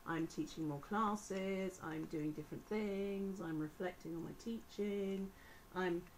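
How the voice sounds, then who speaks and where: A woman's voice: lowish voice, a little mellow, a little hiss or hum, low-quality recording. A woman, a teacher, talking through a casual vlog complaint in a chatty, sarcastic, exasperated way. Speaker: vlogger.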